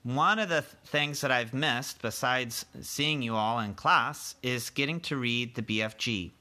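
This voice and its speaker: A man, a teacher, reading a chapter book aloud to his class and pausing to explain hard words for children. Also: mid-range voice, bright, forceful tone.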